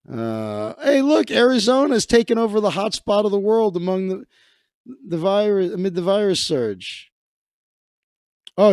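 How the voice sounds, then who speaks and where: A man's voice: sits high, a little mellow, no room sound, studio quality. Crude sarcastic man riffing on news. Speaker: livestream host. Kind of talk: casual comedic livestream commentary.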